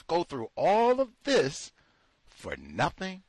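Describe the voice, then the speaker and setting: A man's voice: fairly high pitch, sing-song, unhurried, a bit bright, no echo. A man hosting a talk show, delivering sarcastic, incredulous commentary full of rhetorical questions. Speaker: host.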